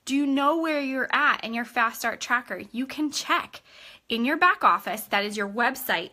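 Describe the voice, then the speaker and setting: A woman leading a live video training for her sales team in an energetic, chatty way, often checking in with "okay?". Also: on the high side, moderate pace. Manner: acts out customer chats in a bubbly voice. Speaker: direct sales team leader.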